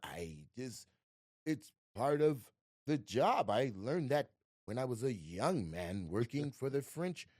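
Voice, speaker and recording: A man putting on the voice of a worldly older male actor, speaking slowly, quietly and with refinement. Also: mid-range voice, very animated, no echo, studio quality. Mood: languid.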